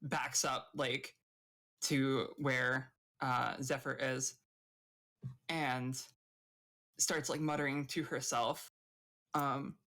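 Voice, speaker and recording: Female player, deep for a woman, halting, filler-heavy. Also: little pitch movement, fairly bright tone. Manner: hesitant, many fillers. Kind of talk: casual tabletop play.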